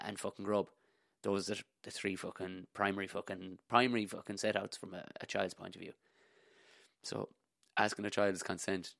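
Gravelly low Irish man rambling. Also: dry recording, clean studio sound. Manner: profane, rambling, jokey. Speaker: podcast host. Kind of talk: casual rambling monologue.

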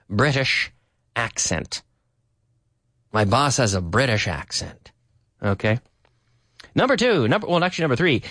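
Lively, chatty male English teacher. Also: medium pitch, no room sound, clean studio sound. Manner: chatty, laughs often, repeats phrases slowly for learners. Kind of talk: radio English lesson with translation drills. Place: radio studio.

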